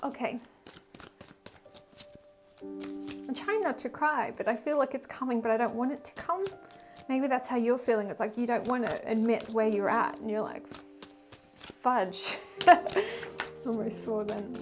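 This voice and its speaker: A woman giving a casual weekly tarot reading, emotional and rambling, with sighs and soft laughs. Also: a little high, steady tone, normal speed, soft background music. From Australia. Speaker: tarot reader and spiritual guide.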